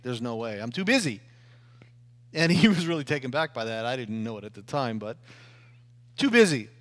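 A middle-aged man preaching a sermon, telling his own story with loud emphasis and hushed asides. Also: fairly high pitch. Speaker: pastor.

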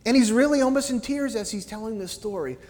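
A man preaching a sermon in a church, animated, swinging between loud emphasis and quiet, low asides. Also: fast talker, in a large hall.

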